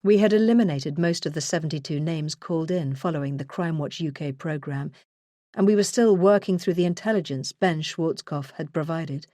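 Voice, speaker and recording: A woman narrating a first-person true crime memoir in a measured, earnest way. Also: low-pitched, warm tone, dry recording. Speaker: audiobook narrator.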